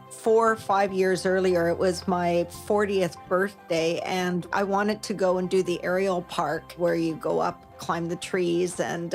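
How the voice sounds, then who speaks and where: A woman's voice: lowish voice, vocal fry. A woman, telling her own story as a patient in an earnest, reflective way. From Canada. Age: 50s. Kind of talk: personal testimony.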